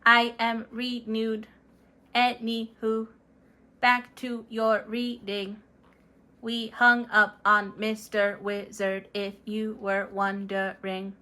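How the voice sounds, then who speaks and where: A woman voicing an earnest, polite robot puppet who reads tarot messages in a measured way, sprinkled with beeping noises. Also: on the high side, level tone, pushed and bright. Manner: slow, measured delivery broken up by "beep boop" noises.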